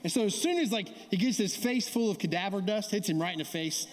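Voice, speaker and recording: A man's voice: high-pitched, quick pace, few pauses. A man preaching a sermon as pastor, telling stories in a conversational way, often checking in with the congregation and asking for responses. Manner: conversational, keeps asking the audience "right?"; calls for audience response. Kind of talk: sermon with storytelling. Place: church sanctuary. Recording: long hall reverb.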